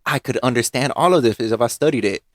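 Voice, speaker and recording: A man's voice: medium pitch, fast talker, dry recording. A man co-hosting a casual film review podcast, blunt and joking, swearing freely. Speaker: podcast co-host.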